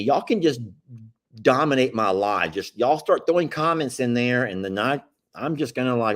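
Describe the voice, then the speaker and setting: A man's voice: mid-range voice, lively intonation, normal speed, a bit bright. Folksy man rambling on a live stream. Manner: folksy, rambling, chuckles often. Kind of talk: casual live-stream chat.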